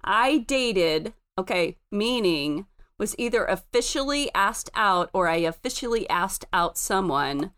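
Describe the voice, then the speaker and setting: A woman's voice: medium pitch, measured pace. A woman leading a casual family chat, recalling stories and running quiz questions with plenty of laughter. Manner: animated, giggly, runs the questions. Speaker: parent and quiz leader on a family podcast.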